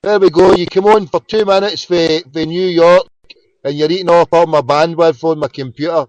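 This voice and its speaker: A man's voice: fairly high pitch, steady tone, normal speed, a little mellow, no room sound. A Glaswegian man hosting a casual late-night phone-in, chatting with callers and fiddling with his computer between calls. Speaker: phone-in show host. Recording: dull, lo-fi home broadcast.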